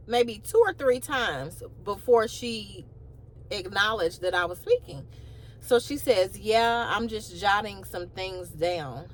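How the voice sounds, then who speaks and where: Woman telling a story, chatty and animated. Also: mid-range voice, slow pace. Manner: animated retelling with rising, incredulous asides. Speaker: vlogger. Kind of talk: casual storytelling. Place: in a car.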